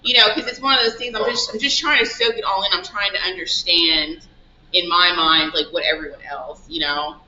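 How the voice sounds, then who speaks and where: Bright-voiced woman telling a story. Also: lowish voice, a little fast, slight background noise. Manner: animated, acts out dialogue in quoted asides. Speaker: shop owner guest. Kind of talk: casual storytelling interview. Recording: roomy, dull lo-fi sound.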